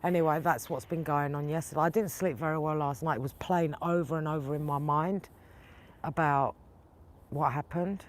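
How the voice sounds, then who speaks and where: A woman's voice: low voice, steady tone, normal speed. A woman hosting a vlog, angrily retelling a run-in with her neighbours and quoting both sides at length. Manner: indignant, retells arguments with quoted dialogue. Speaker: tarot channel host. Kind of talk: casual vlog storytelling.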